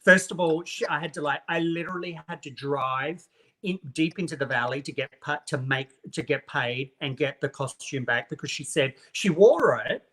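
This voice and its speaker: A chatty guest spins a long gossipy story, sprinkling "honey" through nearly every sentence. This speaker acts out what everyone said in quotes, in a mid-pitched voice. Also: moderate pace, fairly bright tone, breathy edge. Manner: acts out others' lines in quotes. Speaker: guest costume maker. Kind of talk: casual chat.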